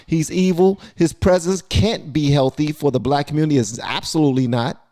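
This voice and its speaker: A man hosting a reaction video, talking casually and in disbelief about a clip. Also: on the high side. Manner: incredulous, animated.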